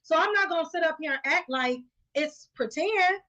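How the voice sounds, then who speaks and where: Host, woman, high bright pitch, blunt, emphatic, heated casual talk. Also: normal speed, dull audio. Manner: loud, blunt, emphatic, swears freely.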